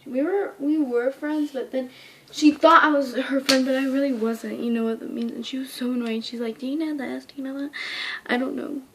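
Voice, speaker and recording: A woman's voice: high-pitched, fairly even intonation, normal speed, a little hiss or hum. A young woman casually telling a rambling storytime, often dropping into whispers and squealing when she quotes herself. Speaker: vlogger.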